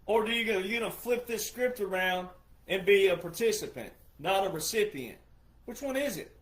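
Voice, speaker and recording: A man's voice: high-pitched, expressive, moderate pace, a bit bright. A man who is a retired veteran, giving an emphatic monologue full of repetition and rhetorical questions. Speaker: retired military veteran commentator.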